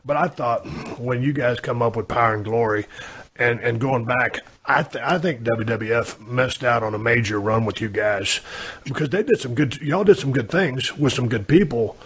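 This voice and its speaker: A man's voice: mid-range voice, moderate pace, a bit bright, breathy edge. A man hosting a podcast interview in a casual, conversational way. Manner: drawling, conversational, uses y'all. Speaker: podcast host.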